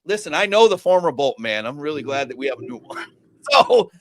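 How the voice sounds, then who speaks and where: A man hosting a casual livestream, excitable and swearing as he banters and hypes up guests. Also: fairly high pitch, fairly quick, no echo, clean studio sound. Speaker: livestream host.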